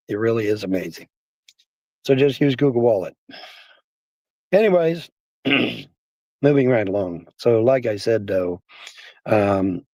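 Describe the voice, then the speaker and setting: A man's voice: lowish voice, a little mellow, no echo. A man streaming casually, rambling and repeating himself with many fillers, his voice worn down by the cold. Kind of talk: casual livestream talk.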